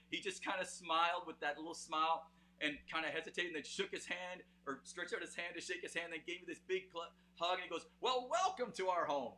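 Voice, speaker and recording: A man with a Canadian accent chats through a live music broadcast, his voice bright and a little high. His talk is loose and rambling, full of fillers, and aimed straight at his viewers. A faint hiss sits under the sound. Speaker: host of a live music show. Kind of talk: casual live-stream chat.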